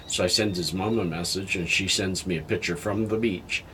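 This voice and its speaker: An older man talking candidly in a personal vlog, halting and heartfelt, sounding tired and emotional. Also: low voice, a bit bright, slight background noise. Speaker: health vlogger.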